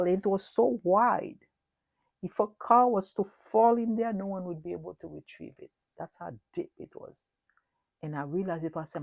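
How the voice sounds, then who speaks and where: A middle-aged woman preaches a prophetic sermon recounting a dream, her voice low, gravelly and mellow, recorded dry and close. She is earnest and repetitive, swinging between loud declarations and hushed words.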